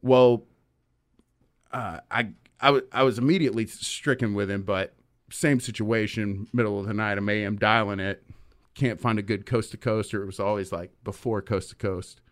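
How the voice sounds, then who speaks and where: A man's voice: lowish voice, fairly even intonation, normal speed. A man hosting a podcast, telling a rambling story in casual chat with many fillers. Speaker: podcast host.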